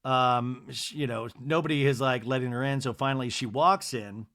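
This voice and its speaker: A man's voice: mid-range voice, moderate pace, a bit bright. A man hosting a podcast, giving a chatty, gossipy solo TV recap. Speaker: podcast host. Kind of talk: casual TV recap monologue.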